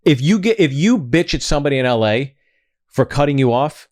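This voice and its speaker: A man's voice: on the high side, animated, fairly quick, darkish tone, no echo, studio quality. A man from Pittsburgh telling heated, profane anecdotes as a guest in a casual podcast chat.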